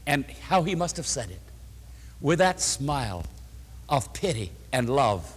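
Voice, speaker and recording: A man preaching a sermon, emphatic, swinging between loud stresses and soft asides. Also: on the high side, very animated, measured pace. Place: church. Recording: long reverb of a church hall.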